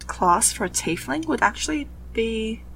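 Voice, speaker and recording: A woman's voice: on the high side, lively intonation, a little slow, creaky, fairly bright tone, slight background noise, low-quality recording. A woman guest on a podcast, chatting enthusiastically. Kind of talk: casual chat.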